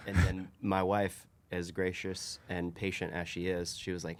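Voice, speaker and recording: Young dad type, low voice, tells stories casual, does little voices for people. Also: male voice, unhurried, few pauses. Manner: storytelling, animated when quoting others. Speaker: podcast co-host. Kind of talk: casual podcast chat.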